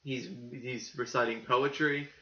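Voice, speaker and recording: A man co-hosting a casual podcast, talking in an animated, rambling way and acting out the quotes he tells. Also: mid-range voice, a little slow. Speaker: podcast co-host. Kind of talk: casual chat. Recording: muffled, echoey room.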